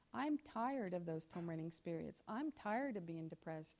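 A woman teaching a sermon to her congregation. She reads scripture slowly and loudly, then drops to quiet, quick asides and direct questions. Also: animated. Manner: swings between loud emphatic scripture reading and low confiding asides; talks straight to the congregation with questions. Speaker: church teacher in ministry with her pastor husband. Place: in front of a church congregation.

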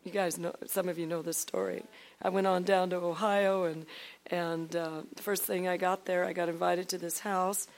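Animated woman telling a faith testimony. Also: fairly low pitch, moderate pace. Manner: acts out quoted dialogue, swinging from loud to hushed.

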